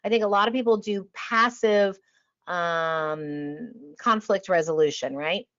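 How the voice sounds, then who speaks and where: A woman giving a passionate, emphatic talk to travel advisors, sometimes dropping to a calm, quiet voice. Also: a little slow. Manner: energetic and emphatic, drops to a calm low voice to demonstrate. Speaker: industry trainer on a webinar panel. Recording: dull lo-fi online audio.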